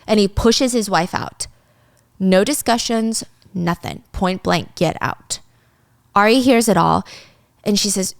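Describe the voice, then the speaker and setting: A woman's voice: mid-range voice, normal speed, dry recording, studio quality. A woman telling a dramatic story in a casual way, with swearing.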